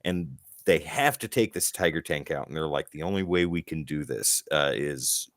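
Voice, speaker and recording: A man's voice: very deep voice, normal speed. A man co-hosting a casual comic-book podcast, retelling scenes with acted quotes and the occasional swear. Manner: animated storytelling, acts out quotes, swears. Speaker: podcast co-host.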